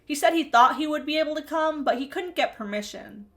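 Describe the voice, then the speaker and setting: A woman with a fairly high voice briskly recaps reality TV, snarky, chatty, and animated. She laughs often as she comments.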